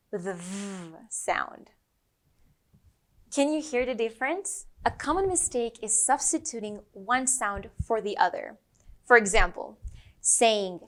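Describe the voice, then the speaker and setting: A woman with a Brazilian accent teaching English pronunciation, slowly modelling each sound for learners to repeat. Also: fairly high pitch, lively intonation, a bit bright. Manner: slow, exaggerated modelling of sounds. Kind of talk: pronunciation lesson.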